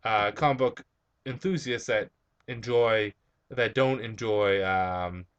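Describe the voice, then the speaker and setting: A man's voice: fairly low pitch, slow pace, clear, resonant tone, dull audio. A young man with a slight Spanish-influenced accent on some words, hosting a vlog and answering viewer questions in a rambling, hesitant way with many fillers. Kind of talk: casual chat.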